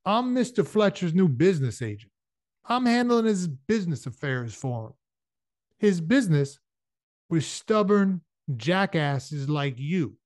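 A man reading aloud voices a menacing hired gunslinger who taunts with soft-spoken menace. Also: on the high side, big pitch swings, measured pace, no room sound, studio quality, voice pushed up. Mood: sneering.

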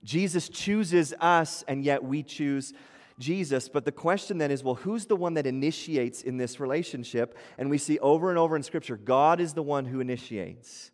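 A man's voice: on the high side, normal speed. Conversational man preaching in a reverberant hall. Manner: conversational preaching with acted-out quotes. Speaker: pastor. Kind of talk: sermon. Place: church hall. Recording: long church hall reverb.

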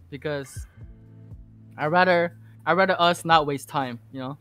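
Bright high-voiced man telling a rambling story. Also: measured pace, smooth, faint music behind. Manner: rambling, heavy swearing, animated retelling. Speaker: podcast guest. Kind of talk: casual storytelling interview.

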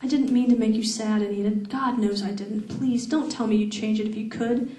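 A troubled young man, pleading and subdued, as a woman reads him aloud. The reading pitch sits a little high. The voice is caught from some distance in an echoey room. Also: fairly even intonation, fairly quick, warm tone, close to an everyday voice. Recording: echoey room, far from mic.

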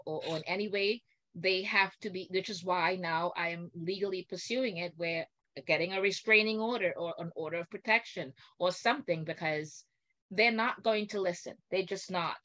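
An older woman, a guest on a video call, telling an indignant story with animated, acted-out quotes. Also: fairly low pitch.

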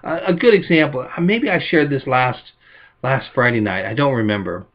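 A man preaching a sermon as pastor, telling stories and acting out quotes with lively emphasis. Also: medium pitch, normal speed, dull audio.

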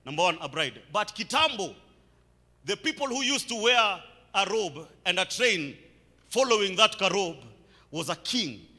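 A young man with a Kenyan accent preaching a sermon, mixing English with quick Swahili asides. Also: high voice, big pitch swings, sharp tone. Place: large church hall. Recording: echoey church hall.

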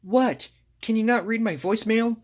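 A woman's voice: a little high, moderate pace, close to an everyday voice. A woman voicing a grumpy, rude male green ogre, sighing and grumbling in home toy play-acting.

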